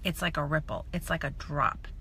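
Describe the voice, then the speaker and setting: A woman's voice: low-pitched, animated, moderate pace, gravelly, pushed and bright, slight background noise. A woman giving an enthusiastic, emphatic motivational talk on a live stream from her phone, repeating her points for emphasis. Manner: enthusiastic, emphatic, builds with repetition. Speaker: direct-sales business mentor.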